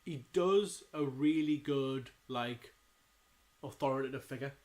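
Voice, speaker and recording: A man co-hosting a podcast, chatting casually and throwing in quick jokes. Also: mid-range voice, a little mellow. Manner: chatty, jokey, quick asides. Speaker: podcast co-host. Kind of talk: casual chat.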